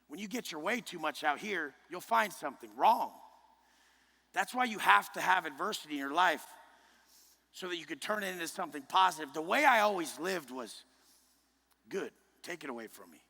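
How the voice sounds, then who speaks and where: A man giving a motivational speech to a live group. He talks in a blunt, intense, heavily profane way and often pushes up to a shout. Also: high-pitched, animated, a little fast, gravelly. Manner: forceful, often rising to a shout. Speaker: motivational speaker. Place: large indoor event room. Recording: live hall speech with long reverb.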